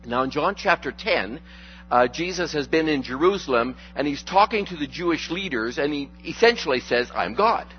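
A man's voice: a little high, expressive, normal speed. A male pastor gives a loose, conversational sermon, quipping as he goes and stumbling through frequent restarts and fillers. The sound is dull and lo-fi, with faint music in the background.

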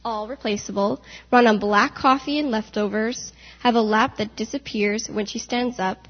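A woman voicing the Lord as a tireless male creator in a church readers' theater, reading briskly and with emphasis. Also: on the high side, fairly even intonation, close to an everyday voice. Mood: eager. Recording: dull recording in a reverberant hall.

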